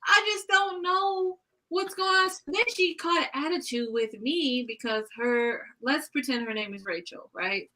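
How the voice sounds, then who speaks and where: A young woman in casual chat, telling lively stories and acting out the dialogue. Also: high-pitched, measured pace, few pauses, low-quality recording. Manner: animated storyteller, acts out dialogue. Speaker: podcast co-host.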